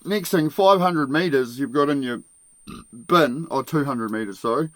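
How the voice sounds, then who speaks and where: Male podcast host, loose storyteller with a bright, forceful tone; heavy swearing, frequent laughs, dry close sound. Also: a little high, unhurried, no echo. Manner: profane, laughs often, acts out other people's shouting. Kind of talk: casual storytelling.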